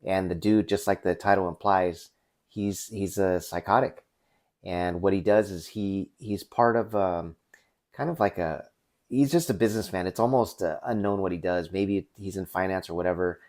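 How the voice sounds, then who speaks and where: Male host in his forties, deeper register, loose unscripted review delivery that trips over itself often. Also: moderate pace, darkish tone. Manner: rambling, with many restarts and fillers. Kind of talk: casual unscripted movie review.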